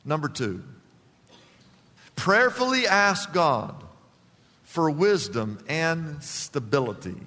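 Man, pastor, high voice, emphatic sermon, long church hall reverb. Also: sing-song, slow, pauses often. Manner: emphatic preaching, with wide swings in pitch and loudness.

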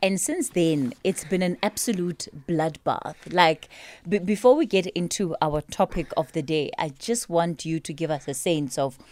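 A woman's voice: lowish voice, normal speed, darkish tone. A woman hosting a radio studio interview, chatty and cheerful, asking long rambling questions. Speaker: radio show host. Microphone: studio microphone.

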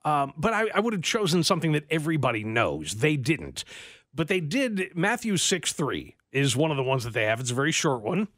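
A man's voice: a little high, sing-song, a bit bright, no echo, clean studio sound. Playful male radio co-host. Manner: playful, reads listener comments aloud with exaggerated slowing. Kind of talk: casual radio banter.

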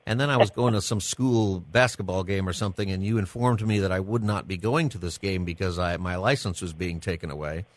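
A man's voice: deep voice, a little fast, few pauses, no room sound. A man hosting a live radio interview, talking in a conversational, heartfelt way with frequent chuckles. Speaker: radio show host.

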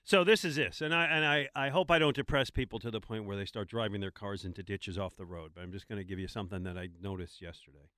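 A man's voice: lowish voice, fast talker, hardly any pauses, pushed and bright, no room sound, studio quality. A man co-hosting a sports talk show, posing questions in casual chat with a wry manner and frequent restarts. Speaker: sports radio co-host.

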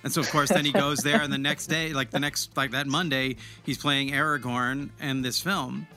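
A man's voice: medium pitch, steady tone, moderate pace, pushed and bright, faint music behind. A man hosting a podcast, chatting enthusiastically about films and actors with a guest, often restarting his sentences. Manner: chatty, enthusiastic film talk with many restarts. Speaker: podcast host. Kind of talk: casual interview chat.

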